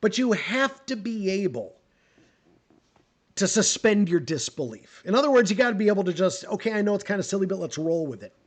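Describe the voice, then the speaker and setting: High-voiced man ranting about history. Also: a little fast. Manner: animated, opinionated, stumbles and repeats words. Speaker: history guest on a live stream. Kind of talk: casual live Q&A chat.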